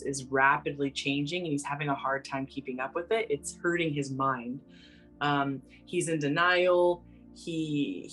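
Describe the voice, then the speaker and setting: A woman working as a psychic medium, talking in a gentle, meandering way full of fillers, with soft music behind her. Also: sits low. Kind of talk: casual spoken reading.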